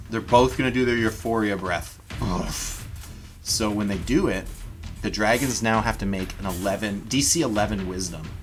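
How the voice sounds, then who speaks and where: With a lowish voice, this game master talks straight to his livestream audience while narrating a tabletop battle. He's lively and conversational throughout.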